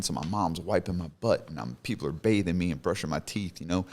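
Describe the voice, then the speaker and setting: An intense, candid man in his thirties tells his life story as a podcast guest. His voice sits very low, and he speaks with plain conviction. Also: expressive, fast talker, gravelly, hardly any pauses. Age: 30s. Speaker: interview guest, business CEO. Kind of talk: emotional personal storytelling in a podcast interview.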